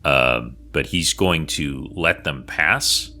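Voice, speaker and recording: A low-pitched man with a sharp, forceful edge to his voice describes his character's actions at a role-playing table. He speaks thoughtfully and courteously as a guest player. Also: slow.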